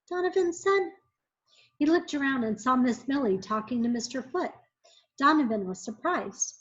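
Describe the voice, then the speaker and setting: A woman teacher reading a children's book aloud in an expressive, measured way. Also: a little high. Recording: muffled lo-fi recording.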